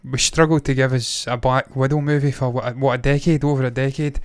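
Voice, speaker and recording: A man's voice: medium pitch, little pitch movement, fairly quick, clean tone. A man co-hosting a movie news show, talking bluntly and swearing freely in a rambling, tired and slightly tipsy way. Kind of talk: casual podcast chat.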